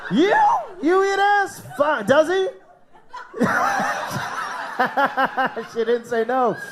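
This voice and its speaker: An Australian man hosts a live comedy night on a comedy club stage, doing crude stand-up, swearing, and laughing at his own jokes. His voice is very high and sing-song, with drawn-out words and background noise around him.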